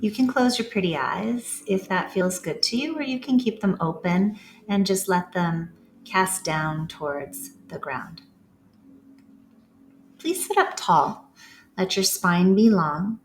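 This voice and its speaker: Slow, soothing woman guiding breathing. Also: mid-range voice, lively intonation, a little hiss or hum. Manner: slow, soothing, gentle guidance with pauses. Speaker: breathing instructor. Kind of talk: guided breathing practice.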